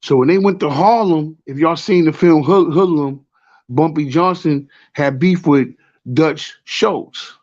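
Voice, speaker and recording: A man's voice: on the high side, a little slow, darkish tone, dull audio. A man with a New York accent telling a rambling story in casual talk, often repeating "you know what I'm saying.". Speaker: show host.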